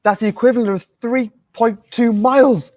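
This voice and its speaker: A man's voice: extremely high pitch, fairly even intonation, moderate pace, darkish tone, no room sound, muffled recording, pitched above the performer's own voice. A man reading a film scene aloud, voicing an earnest young male scientist. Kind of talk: reading a film scene over a video call.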